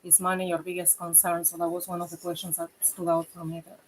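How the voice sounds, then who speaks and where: A woman's voice: fairly low pitch, monotone, fast talker, noisy background. A woman co-hosting, announcing the segment and then chatting plainly. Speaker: co-host. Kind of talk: show introduction and casual chat.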